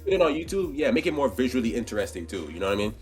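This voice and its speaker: A man's voice: medium pitch, big pitch swings, racing, faint music behind. A young man co-hosting a casual podcast, joking and swearing loosely, with a scratchy voice. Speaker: podcast co-host. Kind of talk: casual chat.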